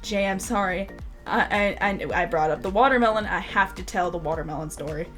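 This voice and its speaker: A woman's voice: medium pitch, a little fast, fairly bright tone, soft background music. A young adult woman vlogger telling a rambling, laugh-filled story in casual talk, swearing freely.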